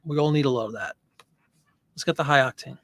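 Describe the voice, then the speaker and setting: A man's voice: mid-range voice, fast talker, a bit bright, no echo. Chatty man hosting a live stream. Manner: chatty, reads and answers viewer comments. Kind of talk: casual live-stream chat.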